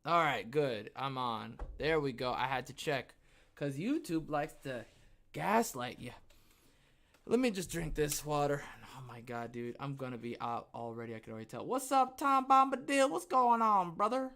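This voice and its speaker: A man's voice: medium pitch, moderate pace, fairly bright tone. A man hosting his own podcast livestream, out of breath after the gym, rambling and talking to himself between topics. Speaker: podcast host. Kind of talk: casual livestream chat.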